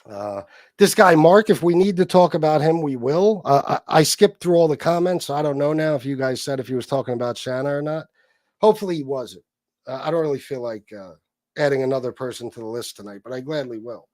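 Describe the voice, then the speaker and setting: A man's voice: a little high, animated, a little fast, a little mellow, dry recording, clean studio sound. Foul-mouthed man ranting on a livestream. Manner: angry, combative, heavy swearing. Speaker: livestream host reading chat. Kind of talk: profane live-stream rant and shout-outs.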